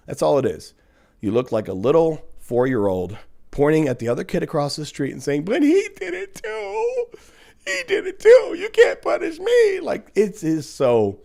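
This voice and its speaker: A man's voice: mid-range voice, dark tone. A man hosting a casual livestream, reading viewer comments aloud and answering them in a blunt, profane, sarcastic way, often laughing at commenters.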